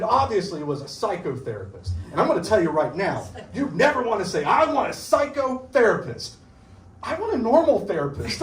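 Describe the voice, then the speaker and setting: A middle-aged man performing a live stand-up set at a small show, acting out quotes with voices. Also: very high voice. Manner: animated, acts out quotes with voices. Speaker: stand-up comedian. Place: small comedy show venue with audience. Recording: roomy venue audio from far off. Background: audience laughter and room noise.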